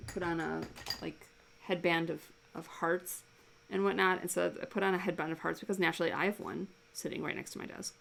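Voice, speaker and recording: A woman's voice: fairly low pitch, steady tone, a little fast, creaky, a little hiss or hum, low-quality recording. A woman cartoonist chatting casually while she draws live at her desk, amused and rambling, laughing often. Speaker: live-drawing cartoonist and streamer. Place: home desk.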